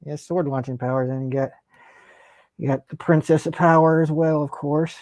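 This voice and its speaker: A man's voice: on the high side, steady tone, brisk, a little mellow, dry recording. A man co-hosting a casual podcast chat, talking in an easygoing, hesitant way with many fillers. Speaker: podcast co-host.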